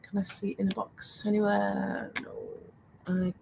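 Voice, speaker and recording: A woman's voice: medium pitch, completely flat delivery, normal speed, gravelly, noisy background. An older woman hosting a casual live stream, chatty and laughing often as she reads out viewer comments. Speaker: live stream host selling craft supplies.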